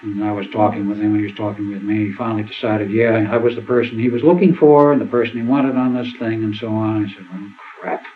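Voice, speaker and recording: An older man with a fairly low voice tells rambling stories at a seminar and acts out what others said. The sound is thin and phone-like, with a faint hiss underneath. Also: fairly even intonation, quick pace, few pauses. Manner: rambling anecdotal storytelling, acts out quotes. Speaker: seminar speaker. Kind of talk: storytelling talk at a seminar.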